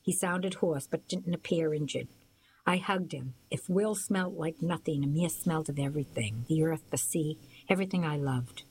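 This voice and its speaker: A woman narrating a first-person novel as an audiobook, in a steady storytelling manner. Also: sits low, moderate pace, a little hiss or hum, poor audio.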